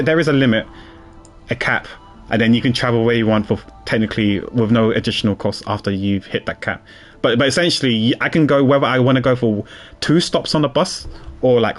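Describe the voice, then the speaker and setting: A man, voice pitched right in the middle for a man, chatting loosely with his viewers while playing a game. He rambles and trips over his words, often restarting sentences and repeating himself as he goes. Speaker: streamer. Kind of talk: casual chat with viewers while gaming.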